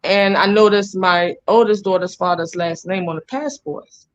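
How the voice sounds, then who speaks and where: A woman's voice: medium pitch, normal speed. Interview guest: woman with a Jamaican accent, rambling and blunt, on muffled lo-fi audio. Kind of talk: casual interview storytelling.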